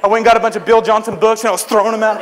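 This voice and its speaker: A man's voice: sits high, steady tone, very fast, noisy background. A young man preaching a youth sermon, telling stories in a joking, self-deprecating, conversational way. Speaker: traveling preacher. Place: church service with audience. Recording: long hall reverb.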